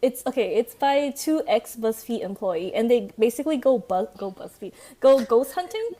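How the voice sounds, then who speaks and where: High-voiced, giggly woman guest. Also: expressive, moderate pace, warm tone. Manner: chatty, giggly, acts out quotes. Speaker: podcast guest. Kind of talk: casual chat.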